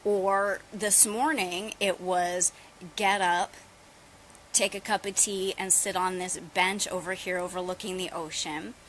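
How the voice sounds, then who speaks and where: A middle-aged woman yoga teacher talking casually to her viewers about her practice, chatty and relaxed. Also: fairly low pitch, unhurried, a little hiss or hum, low-quality recording. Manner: chatty, relaxed, addresses viewers as "you guys". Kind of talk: casual live-stream yoga talk. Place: outdoors on holiday.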